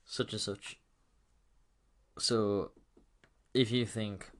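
A man's voice: on the low side, measured pace. A man giving a loose, chatty film recap, laughing and swearing as he goes. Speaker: film reviewer.

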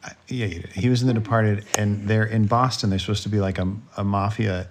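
A man's voice: lowish voice, steady tone, brisk, slight background noise. A man co-hosting a podcast, chatting casually about a movie and joking around with mock accents. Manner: chatty, jokey, slips into silly mock accents. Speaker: podcast co-host. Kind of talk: casual chat reviewing a movie.

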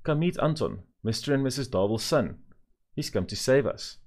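A man voicing a cheerful, fussing mother who urges her children loudly. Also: mid-range voice, big pitch swings, fast, pitched above the performer's own voice. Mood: urging.

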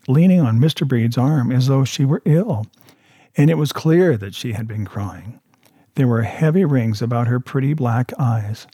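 A man reading a story aloud in a steady, measured narration. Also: medium pitch, slightly rough, no room sound, clean studio sound. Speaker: audiobook reader. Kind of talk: scripted narration.

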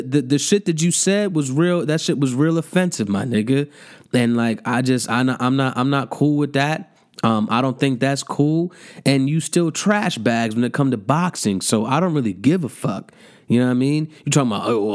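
A young man ranting in a mocking, profane comedic monologue, jumping into high incredulous outbursts. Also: darkish tone. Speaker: comedic commentator.

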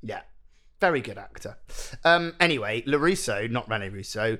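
A man's voice: mid-range voice, expressive, moderate pace, bright, forceful tone. A man co-hosting a podcast, recapping a film in a wry, amused way. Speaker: podcast co-host. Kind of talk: casual chat recapping a film.

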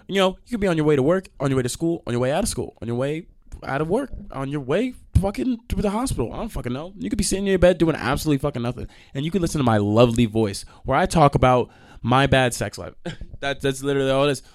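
A young man hosting a podcast, telling stories in a casual, profane rant with sudden loud outbursts. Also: a little high, expressive, fast. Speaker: podcast host.

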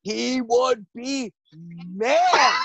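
A woman's voice: fairly high pitch, lively intonation, extremely slow, background noise. A woman in a casual chat among friends, exclaiming and teasing emphatically.

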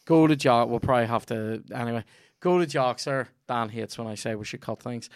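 A man's voice: medium pitch, a little fast, no echo, clean studio sound. A Northern Irish man hosting a podcast, rambling through a profane, jokey sponsor read. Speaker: podcast host. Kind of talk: sweary comedic ad read.

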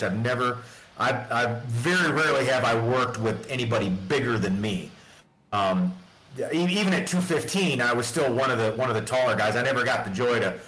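A man's voice: medium pitch, moderate pace, a bit bright. A man telling rambling stories in casual chat, often laughing and acting out the dialogue. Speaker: podcast guest, storyteller. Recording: echoey room.

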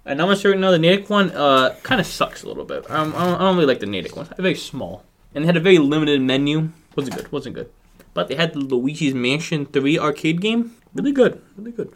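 A man's voice: fairly high pitch, quick pace. A man co-hosting a casual podcast with friends, telling stories with jokes and swearing. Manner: joking, swearing, lively storytelling. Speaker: podcast co-host. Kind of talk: casual chat among friends.

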